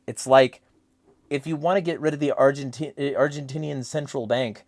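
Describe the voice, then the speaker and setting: A man hosting a casual political chat, ranting in a rambling, profane and animated way. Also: fairly high pitch, normal speed, no room sound. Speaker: podcast host.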